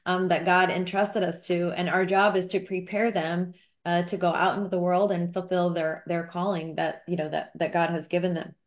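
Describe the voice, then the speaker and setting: A woman's voice: lowish voice, little pitch movement, normal speed. A middle-aged woman on a faith-based panel, giving earnest, emphatic advice in a conversational discussion.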